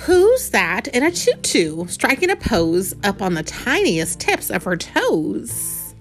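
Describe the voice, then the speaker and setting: Lively woman reading a picture book. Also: medium pitch, faint music behind. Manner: animated, slows down for the read-out lines and chats about the pictures. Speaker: parent reading to a child.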